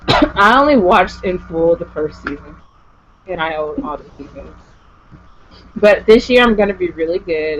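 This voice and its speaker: A woman's voice: on the low side, a little hiss or hum. A woman vlogger chatting casually with a guest, gushing and rambling with lots of "like". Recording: dull lo-fi home recording.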